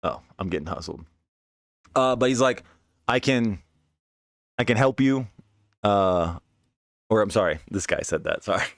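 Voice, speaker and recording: A man's voice: fairly low pitch, lively intonation, unhurried, pauses often, no room sound, studio quality. A young man telling a personal story on a stream in a casual, profane, slangy way, with frequent restarts and asides.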